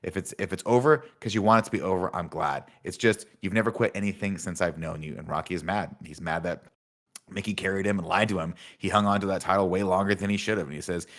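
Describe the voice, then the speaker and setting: Deep-voiced man recapping a film. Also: fast talker. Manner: deadpan, reads out film dialogue in recaps. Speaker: podcast host recapping a film. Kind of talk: casual recap chat.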